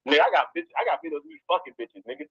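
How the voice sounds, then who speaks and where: A man's voice: on the high side, wildly swooping pitch, racing, vocal fry, fairly bright tone, husky, highs cut off. A man calling in to a show, talking brash and boastful in casual slang. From US West Coast. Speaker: caller. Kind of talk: casual call-in banter.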